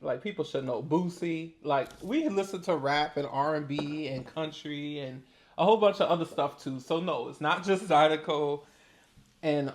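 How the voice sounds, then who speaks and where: A man with a New Orleans accent, chatting casually and laughing easily while eating. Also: on the high side. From New Orleans, Louisiana. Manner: relaxed, talkative, laughs often. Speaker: host.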